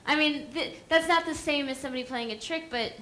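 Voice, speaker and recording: Woman, high bright voice, animated panel storyteller; faint room noise. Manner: animated, fast, halting with restarts. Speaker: filmmaker at a premiere Q&A. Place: venue at a film premiere.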